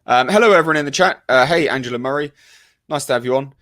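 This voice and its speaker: A man's voice: mid-range voice, fast talker, fairly bright tone. A man giving a casual, ranting review to a live chat, full of fillers and restarts and openly exasperated. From United Kingdom.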